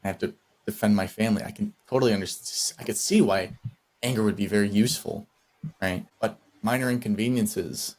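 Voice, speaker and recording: A man co-hosting a podcast in casual chat, reflective and measured as he thinks aloud. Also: fairly low pitch, darkish tone. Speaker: podcast co-host.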